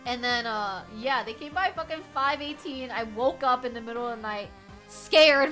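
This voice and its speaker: High, bright, animated woman streamer. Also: moderate pace, faint music behind. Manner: animated, swears freely, reacts loudly to chat. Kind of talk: casual livestream chat while crafting. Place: home room.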